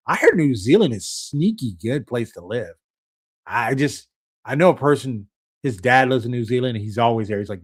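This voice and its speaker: Man, live-stream host, mid pitch, loose and chatty, repeats himself and checks in with his audience often. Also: big pitch swings, moderate pace, husky. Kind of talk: casual live-stream talk to viewers.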